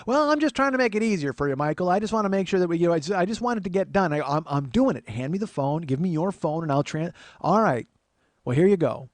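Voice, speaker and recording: A man's voice: sits high, animated, fast talker, dry recording, voice pushed up. A man voicing a fussy, pushy aunt in her late seventies who talks insistently and keeps repeating herself. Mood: defensive.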